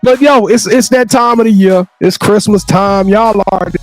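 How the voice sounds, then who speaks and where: A man co-hosting a podcast, talking in a loud, sing-song, hype style and shouting praise at his guest. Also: sits high, moderate pace, faint music behind. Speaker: podcast co-host. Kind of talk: hyped podcast outro.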